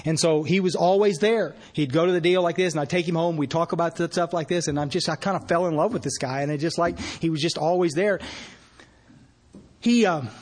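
A man's voice: fairly high pitch, brisk, darkish tone. A man with a slightly raised voice tells a folksy story at a recovery meeting. He speaks in a plain, conversational way, restarting often and acting out bits of dialogue as he goes. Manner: acts out quoted dialogue. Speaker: sponsor sharing his story.

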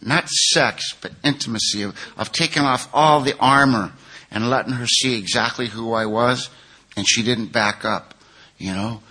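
Older man telling his story, forceful bright voice. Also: medium pitch, moderate pace, husky. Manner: long-winded, candid, self-mocking humor; grows loud and heated when telling intense moments. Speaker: speaker sharing his story at a recovery meeting. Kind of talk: personal testimony, storytelling.

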